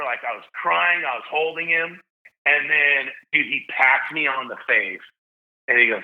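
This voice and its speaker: A man in his thirties, a podcast guest, telling an emotional story and getting loud as he relives the big moments. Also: medium pitch, normal speed. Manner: animated, shouts when reliving big moments. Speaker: guest, stadium PA announcer. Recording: slightly dull lo-fi sound.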